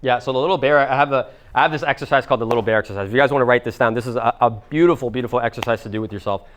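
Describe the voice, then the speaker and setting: A man coaching a live workshop at a quick clip, with a voice of ordinary middle pitch. He keeps it loose and jokey, drops swear words freely, and talks straight to the people in the room. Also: fairly bright tone. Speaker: business and mindset coach. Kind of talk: live workshop teaching to a small group.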